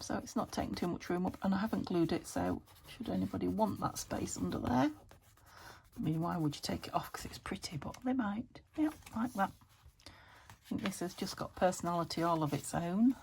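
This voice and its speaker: A woman's voice: on the low side, gravelly, a little mellow, a little hiss or hum. A British woman chatting to herself while crafting, thinking aloud and often dropping into a whisper. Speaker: craft vlogger. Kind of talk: casual narration while crafting.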